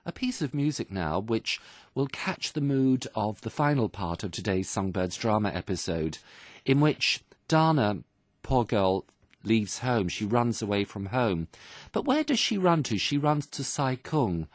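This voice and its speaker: A man with a fairly low voice walks listeners through an English lesson, patient and explanatory like a teacher. The sound is dry and close, with no room around it. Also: lively intonation, measured pace, dry recording. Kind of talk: radio language lesson explanation.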